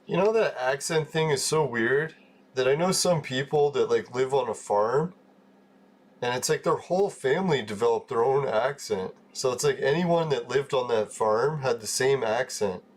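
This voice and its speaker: A man with a medium-pitched voice and moderate pace hosts a live game stream. He chats casually with viewers while gaming, chuckling often and swearing offhandedly.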